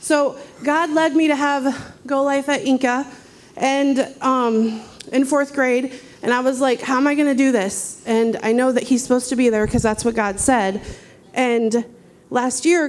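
A woman with a high voice stands up to give a short testimony in church. She speaks quickly and haltingly, leaning on many fillers as she goes. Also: fairly even intonation. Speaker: church member giving testimony. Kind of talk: spontaneous testimony.

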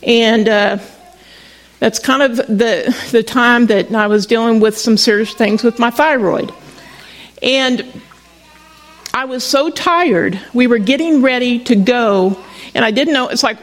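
A woman's voice: a little high, a little slow, low-quality recording. A middle-aged woman pastor preaching in a chatty storytelling way, often restarting her sentences. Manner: conversational storytelling with frequent restarts. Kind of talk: sermon.

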